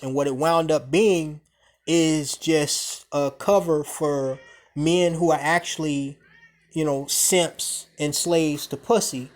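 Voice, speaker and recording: Profane, blunt man ranting to camera. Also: on the high side. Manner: profane, blunt, animated storytelling. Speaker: vlogger. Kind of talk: casual storytelling rant to camera.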